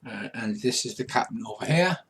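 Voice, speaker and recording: A man narrating as game master for a casual tabletop game among friends, in a relaxed, loose way. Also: mid-range voice, a little fast, slight background noise. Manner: relaxed, slips into gruff pirate voices.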